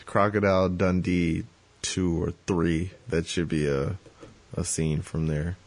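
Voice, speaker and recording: A man with a very deep voice hosts a podcast in loose, casual chat. He talks slowly, wanders through jokes and restarts his sentences often, and fills the gaps with plenty of fillers. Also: flat delivery. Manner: rambling, joking, many fillers and restarts. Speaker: podcast host.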